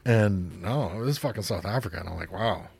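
A man with a fairly low voice co-hosts a podcast in loose conversation. He rambles, leans on fillers, and swears casually. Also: lively intonation, fast, gravelly, darkish tone, breathy edge. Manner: rambling, profane, many fillers. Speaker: podcast co-host. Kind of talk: casual chat.

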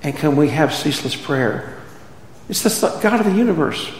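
A man's voice: fairly high pitch, animated, moderate pace, slight background noise. Preaching man in an echoey hall. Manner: conversational preaching with rhetorical questions. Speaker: pastor. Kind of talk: sermon. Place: church sanctuary.

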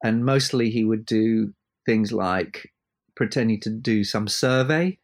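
A record producer, a man, telling animated anecdotes in an interview and acting out the voices of the people in them. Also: lowish voice, a little slow. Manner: animated anecdotes, acts out quoted voices, laughs. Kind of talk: storytelling interview chat. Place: abroad from the host, evening.

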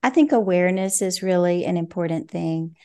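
An older woman, a parenting coach, giving reflective, measured answers in a podcast interview, often saying "you know". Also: on the low side, mellow.

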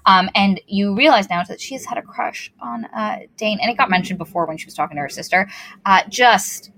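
A woman's voice: medium pitch, brisk, a bit bright. A woman hosting a casual book review chat, sarcastically rambling through a plot recap. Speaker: podcast host.

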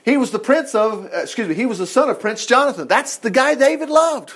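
High, animated folksy Bible teacher. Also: male voice, fairly quick. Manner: folksy, asides and rhetorical questions.

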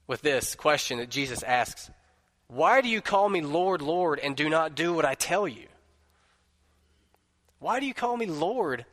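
A male pastor preaches an emphatic sermon, leaning on repetition to drive his points home. His voice sits somewhat high for a man, and it rings with the long reverb of a large church sanctuary. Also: a bit bright.

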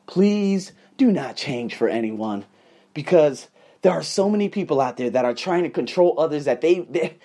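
A man's voice: fairly high pitch, a little mellow, slightly rough. A man hosting his own show and delivering an emphatic, profane motivational rant full of repetition. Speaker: podcast host. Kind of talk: ranting motivational monologue.

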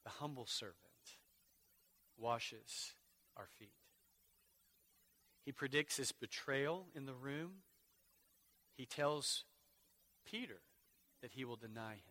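A man preaching a sermon as pastor, swinging from hushed, slow lines to loud, emphatic ones. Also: mid-range voice, lively intonation.

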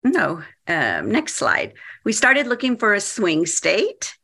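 A woman's voice: medium pitch, huge pitch swings, takes it slowly, vocal fry, sharp tone, breathy edge. A woman in her fifties, an activist and founder, giving a workshop presentation in a chatty, hesitant way with many fillers.

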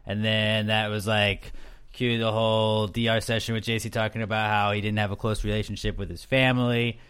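A man's voice: lowish voice, little pitch movement, brisk, a bit bright, clean tone. Rambling young man hosting a podcast. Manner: rambling, loose, joking, full of fillers. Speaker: podcast host. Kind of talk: casual recap chat.

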